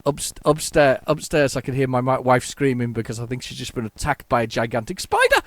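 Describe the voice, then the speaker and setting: A man's voice: mid-range voice, sing-song, fairly quick, few pauses, fairly bright tone, dry recording. A man hosting a retro gaming video, chatting casually and rambling through his commentary with many fillers and restarts.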